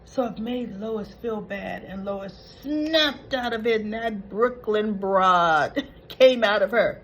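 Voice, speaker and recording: A woman's voice: on the high side, takes it slowly, a little hiss or hum, poor audio. A woman hosting a casual soap opera recap, chatting through the episode and acting out the characters' lines as she goes. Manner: chatty, retells scenes acting out quoted lines.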